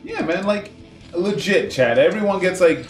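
A man from California on a gaming stream, chatting in a rambling, swearing way with a lively, rather high voice. He sounds set back from the mic in an echoey room, with music playing behind him. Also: normal speed, distant mic. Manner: rambling, animated, swears a lot. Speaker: streamer co-host. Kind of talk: casual gaming stream chat.

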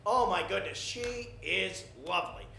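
A man doing a bright, high-voiced movie star who swears. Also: normal speed, gravelly, reverberant, a little hiss or hum, exaggerated voice. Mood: chatty. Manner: blurts curses, then apologizes frantically. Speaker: talk show guest. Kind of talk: sketch comedy impression.

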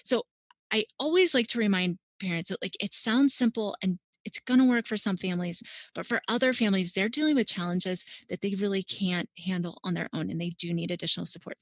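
A woman's voice: mid-range voice, no echo. A woman dietitian, a podcast guest, giving upbeat parenting advice in casual chat with frequent "like".

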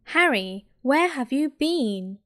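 A woman doing a squeaky anxious schoolgirl. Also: expressive, takes it slowly, bright, forceful tone, full character voice. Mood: alarmed. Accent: British English.

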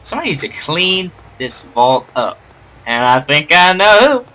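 A man's voice: fairly high pitch, big pitch swings, moderate pace, bright, forceful tone. A young man doing playful, sarcastic game commentary, rambling and joking at the screen. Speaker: gamer doing a let's play.

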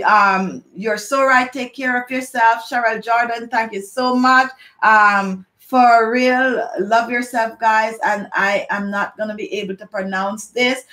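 A woman's voice: a little high, fairly bright tone. A woman from Jamaica, hosting a casual beauty live chat from home, chatty, often saying "no joke" and "okay?" as she talks. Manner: chatty, repeats "no joke" and "okay?", reads viewer comments aloud.

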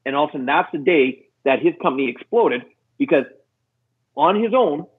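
Middle-aged man, husky voice, fairly high, tinny phone-like sound, animated storyteller. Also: a little fast. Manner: acts out quoted voices, lively pitch jumps. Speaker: guest.

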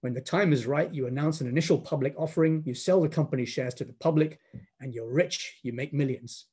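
A man telling a story as a brash American consultant with a pushy, salesman-like manner. The voice is low-key and mellow with a husky edge. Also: brisk.

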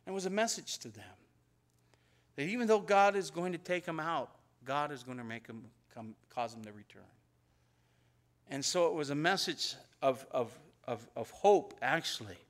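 A man's voice: on the high side, lively intonation, moderate pace. A man pastor teaching an expository sermon in a conversational way, often repeating words and acting out the prayers he quotes. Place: church sanctuary.

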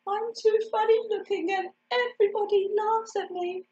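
A woman voicing a small, clumsy, lonely young male duckling, high and wavering, tearful when sad. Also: steady tone, moderate pace, a little mellow, echoey room. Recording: dull lo-fi recording.

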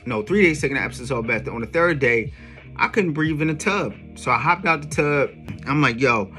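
Bright-voiced man telling a story in slang. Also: medium pitch. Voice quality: streetwise slang with frequent "yo" and profanity. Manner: animated, emphatic retelling. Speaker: songwriter vlogger. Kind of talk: casual storytelling monologue.

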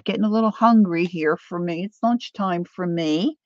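A woman's voice: on the low side, normal speed, darkish tone, dry recording. Chatty middle-aged woman, lo-fi recording. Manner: chatty, rambling storyteller, talks to viewers by name. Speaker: craft channel host. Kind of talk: casual livestream chat while crafting. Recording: dull lo-fi dry home recording.

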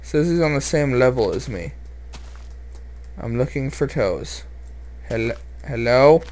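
A man's voice: medium pitch, animated, slow pace, a little mellow. A man commenting on his own game as he plays, rambling, joking and sounding a little nervous. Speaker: let's play host. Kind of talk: gameplay commentary.

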